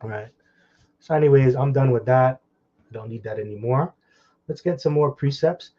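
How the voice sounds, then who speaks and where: Man, street-style scripture teacher; blunt and profane, flares up loud then drops to a mutter; mid-pitched; dull lo-fi recording. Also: normal speed. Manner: fiery, swinging from loud outbursts to low muttering.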